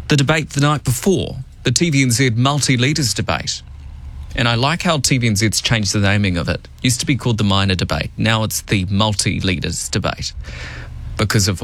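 A man hosting a morning radio show, chatting wryly about politics and running through the news. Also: fairly low pitch. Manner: chatty, wry, lively. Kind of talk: casual radio talk and news rundown. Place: radio studio.

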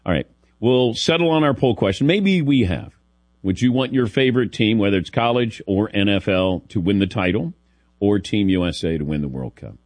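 A man's voice: fairly low pitch, expressive, moderate pace, darkish tone. This is a Midwestern man hosting a sports radio show, and his voice rises and falls a lot as he talks. He tells his stories with a wry, self-mocking edge. The sound is dry and close, with no room echo. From American Midwest. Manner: wry, self-deprecating storyteller who laughs often. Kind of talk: casual sports radio banter.

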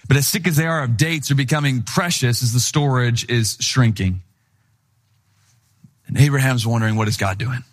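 A young man from Wisconsin, a pastor, giving a sermon that opens with an animated personal story and acts out the voices of the people in it. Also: medium pitch, normal speed, long pauses.

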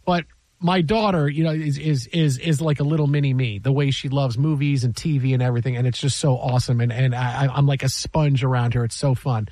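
A man in his fifties hosting a casual chat, telling animated stories and acting out quotes. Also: mid-range voice, fairly quick, dry recording. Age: 50s. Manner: animated storyteller, acts out quotes. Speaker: radio show host.

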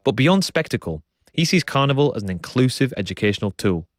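A man presenting a radio documentary, narrating and describing what he sees in a calm, descriptive way. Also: medium pitch, fairly quick, dry recording. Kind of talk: documentary narration and on-site reporting.

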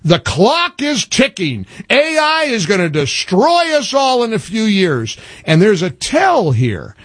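A man hosting political talk radio, emphatic and animated, often restarting his sentences. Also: high-pitched, slow, no room sound.

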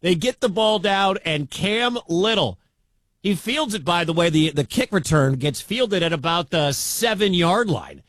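A man calling a live game for radio from a stadium booth, his voice pitched high for a man. He is excitable and quick to break into shouts when a play lands. The sound is dry and close, with no room around him. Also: no echo. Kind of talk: live sports commentary.

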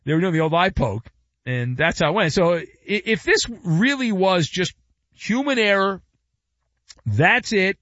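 A man hosts a sports talk show, riffing in a sarcastic, wisecracking monologue. His voice sits fairly high and swoops up and down with lively pitch. The sound is dry and a little dull, like a lo-fi broadcast feed. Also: measured pace, no room sound. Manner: sarcastic, wisecracking, animated delivery. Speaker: sports radio host.

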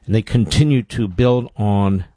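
Blunt deep-voiced male talk host. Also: a little slow, mellow, dry recording. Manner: blunt, emphatic, repeats words for stress. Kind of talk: opinionated commentary.

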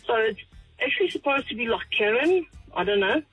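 A woman whose first language is Afrikaans calls in to a radio show. Her husky, high voice is dry and close, and she explains carefully. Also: lively intonation, a little fast, a bit bright, dry recording, faint music behind, poor audio. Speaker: caller.

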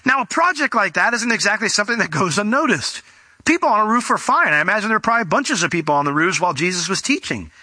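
A man's voice: high voice, fast talker, no room sound. A man preaching a conversational sermon, acting out scenes as he retells stories. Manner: conversational, animated, acts out scenes. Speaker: pastor. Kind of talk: sermon with storytelling.

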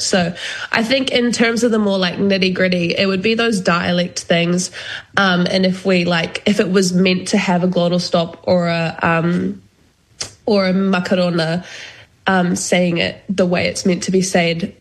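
A young adult woman speaking as an interview guest in casual conversation. She is thoughtful and pauses often with ums. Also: lowish voice, steady tone.

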